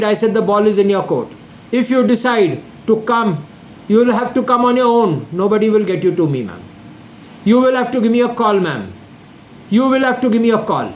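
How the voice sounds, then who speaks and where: A man in his sixties with an Indian accent, talking straight to a listener in an insistent, repetitive monologue, addressing them formally again and again. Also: high-pitched. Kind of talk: direct-to-camera monologue. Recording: echoey room with faint air-conditioning hum.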